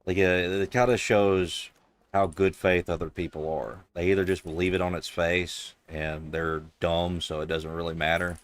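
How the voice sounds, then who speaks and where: A man's voice: sits low, flat delivery, normal speed. A man streamer in casual chat, telling stories in a rambling, amused way.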